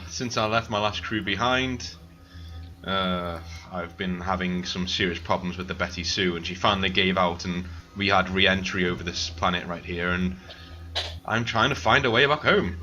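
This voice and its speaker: Man playing a stranded, soft-hearted mechanic, rambling and a bit awkward; very bright tone; dull call audio. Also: low voice, moderate pace, a little hiss or hum. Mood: wistful. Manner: rambling, wistful, mildly awkward.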